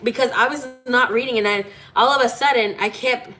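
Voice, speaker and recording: A woman's voice: on the high side, fairly quick, sharp tone, faint music behind. A woman giving a casual tarot reading, talking in a chatty, playful way, laughing often and swearing now and then. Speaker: tarot reader.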